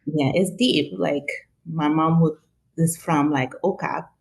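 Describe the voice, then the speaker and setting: Her voice sits low, slow and gravelly: a woman from New York with a Haitian-influenced accent, chatting casually as a guest. She brings expressive energy, acting out little quoted exchanges.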